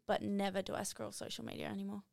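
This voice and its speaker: A young adult woman, a podcast guest and coach, talking in an energetic, emphatic casual chat full of "like". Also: mid-range voice, quick pace, creaky, no echo, studio quality. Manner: energetic, emphatic, many fillers like "like". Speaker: podcast guest, running coach and motivational speaker.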